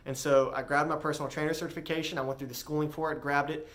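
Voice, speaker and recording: A young man earnestly recounting his personal story, halting often with fillers and restarts. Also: fairly high pitch, flat delivery, fairly bright tone. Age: young adult.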